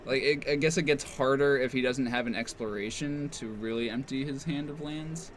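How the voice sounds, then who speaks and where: A man talks through a card game match, weighing each play out loud with frequent "like" and "I mean." His voice sits at a middling pitch, with faint background ambience from a game store. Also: moderate pace, slight background noise. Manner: analytical, thinks aloud, many fillers. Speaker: game commentator. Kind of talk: casual live commentary.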